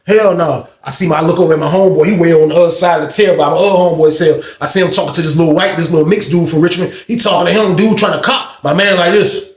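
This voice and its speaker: Brief: a man spinning a casual story, lively and slangy, slightly high voice. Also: rapid-fire, hardly any pauses, reverberant. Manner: animated, slangy, swings into loud acted-out quotes.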